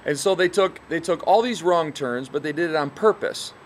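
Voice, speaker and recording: A man's voice: fairly high pitch, moderate pace, slight background noise. A middle-aged man, a minister, tells a folksy story as a casual devotional talk, full of "you know" fillers, from a bed and breakfast.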